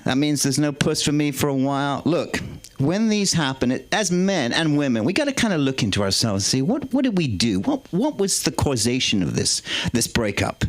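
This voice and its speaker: A man's voice: a little high, sing-song, moderate pace. A man performing a brash, bawdy stand-up set on a comedy club stage, mocking himself.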